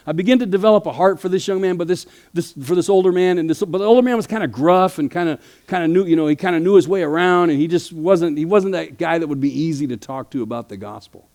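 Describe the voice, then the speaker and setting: Male pastor, sermon, higher-pitched voice, shifts from quiet storytelling to loud preaching.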